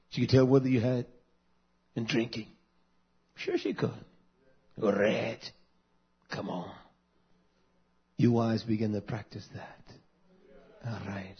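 A man in his fifties preaching a sermon, swinging between loud fervent passages and soft, intimate asides. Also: medium pitch, lively intonation, measured pace, pauses often, slightly rough, lo-fi sound.

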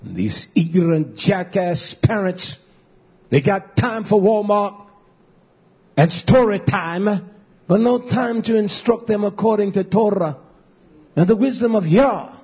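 A man preaching a fiery sermon as pastor, swinging between shouts and low murmurs. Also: expressive, takes it slowly, pauses often, slightly rough. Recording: dull lo-fi recording.

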